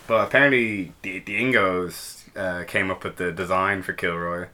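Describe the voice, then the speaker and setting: A man's voice: sits low, steady tone, moderate pace, bright, forceful tone. A man co-hosting a podcast in loose casual chat, laughing often while telling anecdotes. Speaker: podcast co-host.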